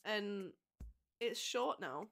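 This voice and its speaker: A woman's voice: medium pitch, expressive, extremely slow, vocal fry, fairly bright tone. A woman live streamer chatting casually with her viewers, bubbly and giggly as she greets and answers them. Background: faint music.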